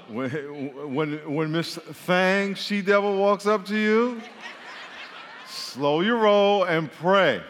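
A pastor preaches to his congregation, reading scripture and explaining it with humor in a conversational style. His voice sits high and is fairly bright, and he speaks slowly. There's long hall reverb and a little hiss or hum.

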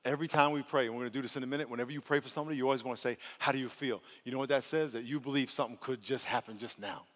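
A male pastor preaching a lively, playful sermon that swings from soft asides to loud outbursts. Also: medium pitch, very fast. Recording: long hall reverb.

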